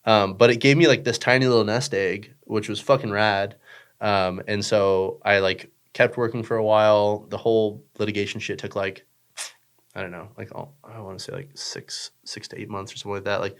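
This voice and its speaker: A man's voice: fairly low pitch, steady tone, normal speed, smooth. A young man chatting casually as a podcast guest, rambling with lots of fillers, swearing and joking. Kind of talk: casual chat.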